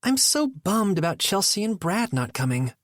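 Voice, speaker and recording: Guy doing a high clipped young woman, stiff and brittle, flat polite tone. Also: normal speed, no room sound, studio quality. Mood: complaining. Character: tense, brittle young woman hosting a dinner.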